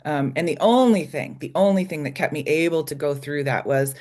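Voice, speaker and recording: A woman's voice: deep voice, brisk, few pauses, a little mellow. A woman guest telling a candid, emotional personal story in an interview, with many ums and restarts. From United States. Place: small logging community in Idaho.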